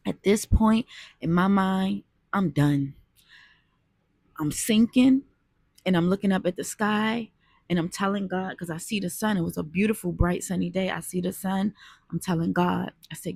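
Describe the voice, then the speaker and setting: A woman's voice: mid-range voice, normal speed, creaky, darkish tone, no echo, clean studio sound. A woman telling a personal story in an earnest, conversational way, talking straight to her viewers. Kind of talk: casual storytime monologue.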